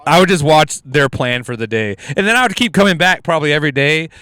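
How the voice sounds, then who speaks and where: Male podcast comedian, smooth voice, animated, foul-mouthed storyteller. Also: on the high side, quick pace, dry recording. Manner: animated, swearing, laughs often, jumps into loud shouted impressions. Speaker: guest comedian.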